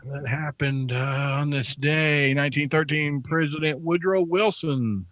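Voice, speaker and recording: A man's voice: on the high side, a little slow, fairly bright tone, no echo, lo-fi sound. A middle-aged man co-hosting a live show, reading facts of the day with dry, teasing asides. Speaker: radio show co-host.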